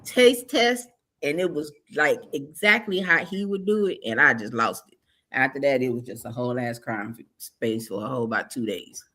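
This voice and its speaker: A woman's voice: very deep voice, moderate pace, a bit bright. A woman on a podcast, candidly telling a personal story in a casual way. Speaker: podcast co-host.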